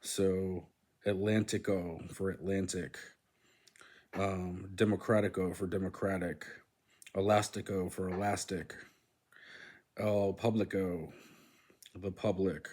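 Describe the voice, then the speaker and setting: A deep-voiced man walks through a language textbook on his channel, reading aloud in a casual, halting way. His pitch stays flat and level. He fills pauses with ums and says practice words more than once. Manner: hesitant, many "um"s, repeats words to practice them. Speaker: host of a language-learning channel. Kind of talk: casual self-study walkthrough, reading aloud from a book.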